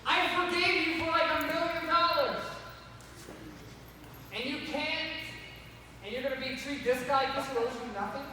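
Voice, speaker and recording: A man's voice: very high-pitched, normal speed, long pauses, pushed and bright, a little hiss or hum. A man voicing an exasperated king who scolds an ungrateful servant in casual slang. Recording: echoey hall from far off.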